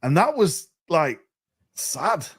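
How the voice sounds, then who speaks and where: A man, a podcast guest telling a story in a chatty, animated way, often repeating words as he restarts. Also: fairly high pitch, slow pace, breathy edge.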